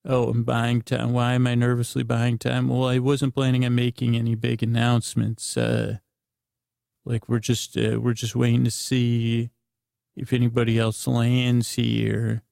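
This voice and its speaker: Droning, halting man telling a bedtime story. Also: medium pitch, completely flat delivery, gravelly, darkish tone, no echo, studio quality. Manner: meandering, halting, with many restarts. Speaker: bedtime podcast host. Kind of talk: rambling improvised bedtime story.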